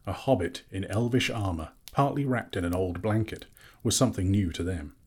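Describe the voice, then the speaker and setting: A man's voice: fairly low pitch, moderate pace, a little mellow, breathy edge. A man reading a classic novel aloud as narrator, telling the story steadily. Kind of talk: audiobook reading.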